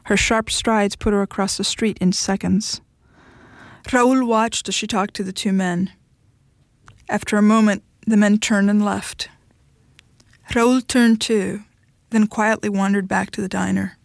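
A woman reading a short story aloud in a steady, even storytelling manner. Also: medium pitch, unhurried, creaky, pauses often, no room sound, studio quality. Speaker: narrator.

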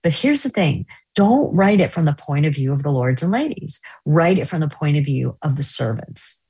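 A woman's voice: low-pitched, lively intonation, normal speed, warm tone, slightly rough, dry recording. A middle-aged woman novelist, chatting casually in an interview, telling stories animatedly with many fillers. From United States.

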